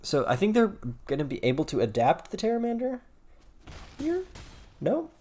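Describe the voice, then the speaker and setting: A man's voice: high-pitched, huge pitch swings, moderate pace, a little mellow. A man giving casual commentary over his own card game, rambling and thinking aloud with fillers, yawning and a bit tired. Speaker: gameplay commentator.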